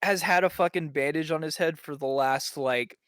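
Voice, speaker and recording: A man's voice: on the high side, moderate pace, a bit bright, smooth, dry recording, clean studio sound. A young man chatting casually on a podcast panel, rambling with lots of ums and restarts. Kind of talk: casual chat.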